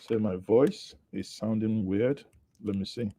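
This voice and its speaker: On his live online news show, a man from Southeast Nigeria chats from a studio, greets viewers, thinks aloud and comments on the day's headlines. He has a lowish, mellow voice and keeps a measured pace. The recording is dry.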